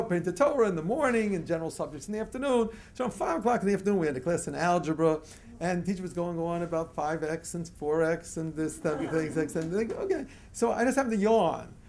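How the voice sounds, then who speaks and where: An older man from the United States speaks in a fairly high voice, giving a lecture to a live audience. He tells stories with frequent chuckles and leads the crowd in group chants. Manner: chuckles often while telling stories. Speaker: motivational speaker.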